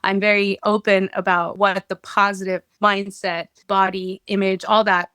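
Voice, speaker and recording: A woman's voice: medium pitch, little pitch movement, moderate pace, a bit bright, clean tone, no room sound. A woman talking as a podcast guest, enthusiastic, open and talkative. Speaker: guest, social media creator. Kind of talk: casual interview chat.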